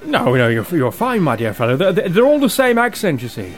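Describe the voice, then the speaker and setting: A man's voice: on the high side, wildly swooping pitch, fairly quick, faint music behind. A man in a comedy sketch, speaking in a dry, weary, put-upon way. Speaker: actor character.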